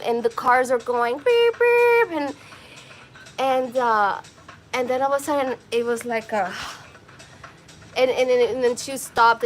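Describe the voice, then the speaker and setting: A woman hosting a podcast, telling a personal story in an emotional, rambling way and swearing freely. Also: on the high side. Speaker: podcast host.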